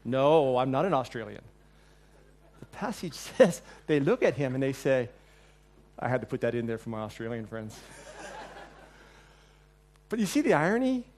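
A man preaching a sermon in a church. He tells the story with energy, acts out the quotes, and moves between loud and quiet passages. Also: mid-range voice, normal speed, long pauses, a little hiss or hum. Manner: animated storyteller, acting out quotes, swings between loud and soft.

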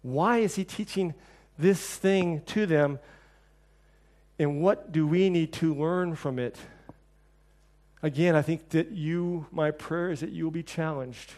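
A middle-aged man preaching a sermon, telling stories and acting out quoted voices with lively shifts. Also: takes it slowly. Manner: storytelling, acts out quoted voices with lively shifts in pitch and level. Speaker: pastor.

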